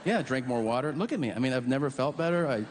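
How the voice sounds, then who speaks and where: A man doing a stand-up comedy set, telling stories deadpan and acting out both sides of the conversations. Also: medium pitch, quick pace. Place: comedy club stage. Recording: live club stage mic, long hall reverb, audience noise.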